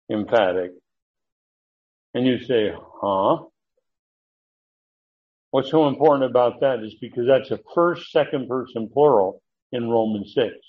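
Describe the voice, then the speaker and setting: Slow, deliberate male Bible teacher. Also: mid-range voice. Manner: deliberate, emphatic, with frequent pauses and fillers. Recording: muffled lo-fi recording.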